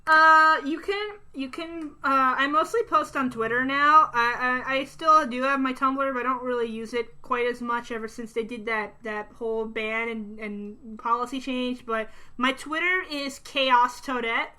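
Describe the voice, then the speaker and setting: Young woman co-host, high and very bright, rambly with fillers. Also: unhurried, few pauses, clear, resonant tone. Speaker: podcast co-host. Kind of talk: casual podcast chat.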